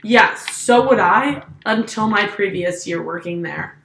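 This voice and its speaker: A woman's voice: medium pitch, expressive, a little slow, creaky, a bit bright. A young woman co-hosting a casual podcast, talking bluntly and joking, with casual swearing. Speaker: podcast co-host. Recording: echoey room with faint noise.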